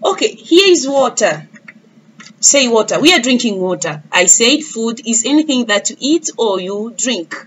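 A woman's voice: fairly high pitch, sing-song, moderate pace, fairly bright tone, a little hiss or hum. A woman teaching a lesson to young children, speaking patiently and repeating words for them to echo back. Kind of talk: early-years classroom lesson.

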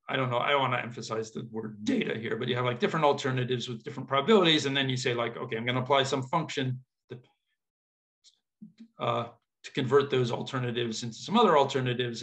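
A man's voice: medium pitch, a bit bright. A man giving an informal mathematics lecture, thinking aloud with casual asides and checking that his audience follows.

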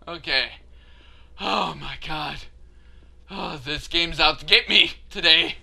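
Frustrated gamer man, slow and bright. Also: on the high side, vocal fry. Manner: frustrated, laughing, cursing rants. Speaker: let's play gamer. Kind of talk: gameplay commentary.

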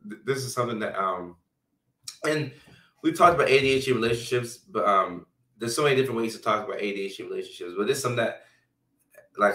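Man, low voice, loose chatty host, live stream reading comments, roomy echo, distant mic. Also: bright, forceful tone. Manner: loose and chatty, lots of fillers. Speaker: health care provider hosting a live stream.

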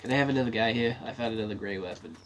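Rapid-fire and on the low side, a gaming streamer's voice comes with a little hiss or hum. He swears freely while casually narrating a match to himself.

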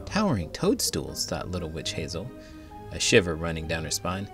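A man, an elementary school teacher, reading a children's book aloud in an animated, playful way. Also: rumbling low, brisk, over music.

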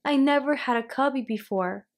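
A woman voicing an eager, cheerful little girl witch who chants rhyming spells in a bright, excited way. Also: sits high, normal speed.

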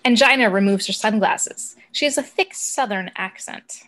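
Frau liest nüchtern Regieanweisungen. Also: female voice, medium pitch, moderate pace, a bit bright. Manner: plain, matter-of-fact reading. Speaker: narrator of stage directions. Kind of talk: reading a script aloud.

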